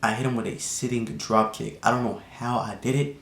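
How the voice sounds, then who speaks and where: A young man telling a casual storytime vlog, slangy and animated, with lots of fillers. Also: fairly quick, creaky. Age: young adult. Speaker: vlogger. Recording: echoey room with faint rumble.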